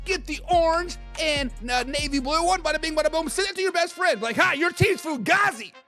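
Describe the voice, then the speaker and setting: A man putting on an overexcited, high, sing-song hype-man voice for a sports talk show intro. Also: expressive, fairly quick, soft background music, heavily acted. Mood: hyped. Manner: loud, sing-song, theatrical.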